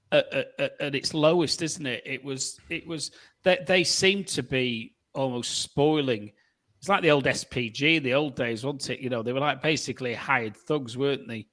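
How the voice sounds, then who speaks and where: A man's voice: mid-range voice, a bit bright. A man in a casual podcast chat who stammers and repeats words as he talks.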